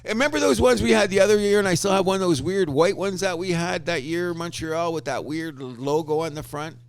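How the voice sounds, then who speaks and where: A man co-hosting a casual sports podcast, talking in an animated, opinionated way with crude fan banter. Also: high voice, a little fast. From Canada. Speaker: podcast co-host.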